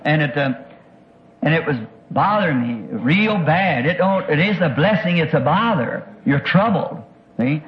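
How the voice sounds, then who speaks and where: A man preaching a sermon, recounting an experience in an earnest, halting way with many repeated words. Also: fairly high pitch, animated, dull audio. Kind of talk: sermon testimony.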